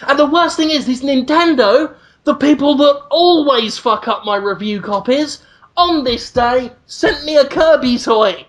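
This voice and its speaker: A man's voice: very high-pitched, unhurried, slight background noise. A man hosting a podcast, ranting in casual chat, swearing freely and mocking people in put-on voices. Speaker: podcast host.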